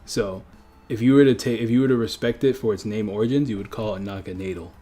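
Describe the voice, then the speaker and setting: Soft music plays behind a fast-talking streamer whose mellow voice sits in the mid-range. He's from a French-speaking country and chats loosely on his livestream, often chuckling and fixing his own words as he goes.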